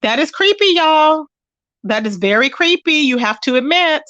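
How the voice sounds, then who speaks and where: A woman's voice: sits high, animated, moderate pace, fairly bright tone, dry recording, dull audio. A woman hosting a casual livestream gossip chat, greeting viewers by name and calling them child and baby. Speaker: livestream commentary host.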